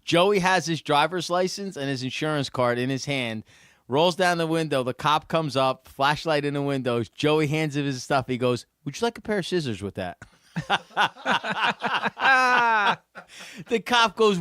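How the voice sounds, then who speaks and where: A New Jersey man co-hosts a casual podcast chat, acting out quotes as he tells stories and laughing often. His voice sits a little high, and the sound is dry and close to the mic. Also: unhurried, no room sound. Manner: animated storyteller, acts out quotes, laughs often. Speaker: podcast co-host.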